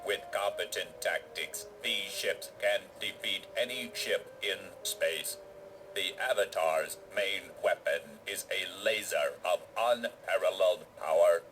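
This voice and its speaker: An actor voicing a formal, stiff-talking alien race of machine and crystal beings in a video game. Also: male voice, low voice, a bit bright, a little hiss or hum, low-quality recording. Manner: formal, measured, stiff delivery.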